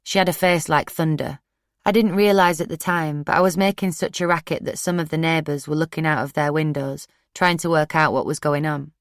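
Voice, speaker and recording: A woman narrating a first-person true crime audiobook in a steady, plain-spoken way. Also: low-pitched, fairly quick, no room sound, clean studio sound.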